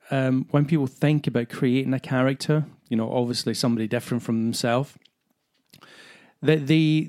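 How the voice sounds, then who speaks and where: A man talks through his ideas on acting for a podcast. He explains earnestly, working his thoughts out aloud with fillers and restarts. His pitch sits in the everyday middle range. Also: darkish tone. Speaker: acting coach, podcast host. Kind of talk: solo podcast talk.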